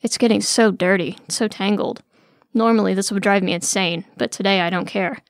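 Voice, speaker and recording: A woman's voice: medium pitch, fairly even intonation, normal speed, dry recording, clean studio sound. A woman narrating a first-person story in a wry, weary, sardonic way.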